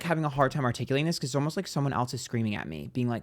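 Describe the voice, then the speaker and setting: A man doing a tarot reading to his viewers in a loose, rambling way. He trips over his words and repeats himself, then pushes hard with blunt, swearing emphasis. His pitch sits in an ordinary middle range for a man. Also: lively intonation, racing, hardly any pauses. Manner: rambling, hesitant, emphatic and profane. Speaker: psychic tarot reader. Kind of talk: casual tarot reading to camera.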